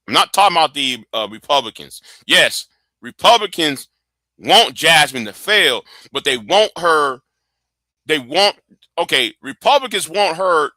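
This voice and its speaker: Rambling middle-aged man, bright tone. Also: a little high, no room sound. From Texas. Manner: rambling, many restarts and stammers. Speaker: livestream host. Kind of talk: casual political commentary.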